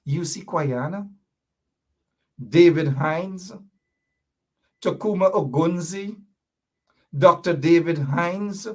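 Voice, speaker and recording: A man with a Guyanese accent hosting a political commentary show, talking indignantly and hammering home repeated rhetorical questions. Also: high-pitched.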